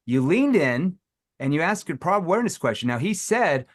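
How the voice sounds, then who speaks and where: A man's voice: fairly high pitch, brisk. A man running a live sales training session, talking to the audience and acting out phone calls in playful voices. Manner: animated, acts out phone calls with playful tones.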